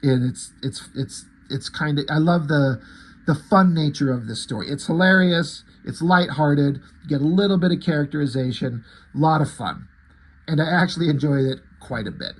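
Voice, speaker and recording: A man's voice: on the high side, moderate pace, breathy edge. A man reviewing comic books in a casual, rambling way, crude and full of fillers and restarts. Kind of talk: casual chat.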